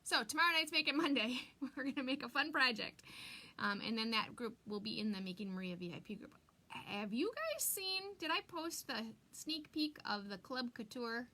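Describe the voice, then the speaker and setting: A woman's voice: on the high side, lively intonation, normal speed, sharp tone. A middle-aged woman hosting a live crafting stream, chatting and rambling while she works and reads viewer comments aloud. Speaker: craft livestream host. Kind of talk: live crafting demo chat.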